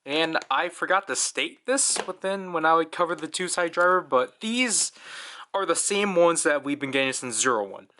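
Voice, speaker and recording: A man's voice: fairly high pitch, animated, normal speed, pushed and bright. A young man giving a casual, chatty toy review, full of fillers and small laughs.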